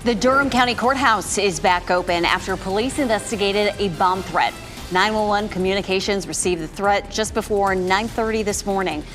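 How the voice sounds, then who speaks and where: A woman anchoring a local midday newscast, reading stories in a crisp, even delivery. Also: medium pitch, normal speed, big-room sound, soft background music. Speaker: news anchor.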